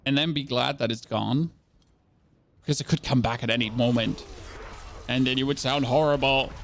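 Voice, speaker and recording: While playing a game on a live stream, a man from Germany rambles casually to his chat, full of sarcasm and speaking with a German accent. His medium-pitched voice has vocal fry, fairly even intonation, and a normal speed.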